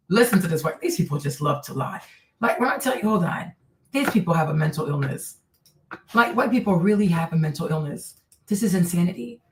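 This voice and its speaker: A woman hosting a live stream, reacting to video clips in an animated, mocking way and tossing in Spanish words. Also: fairly low pitch. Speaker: streamer host. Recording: roomy, distant from mic.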